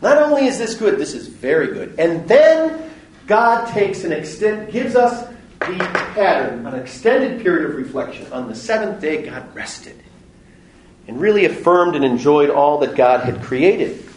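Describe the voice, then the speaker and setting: Animated man teaching in an echoey church. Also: high-pitched, measured pace. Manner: animated, joking, acts out voices in stories. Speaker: parish teacher. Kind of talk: Bible study talk. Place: parish hall or church.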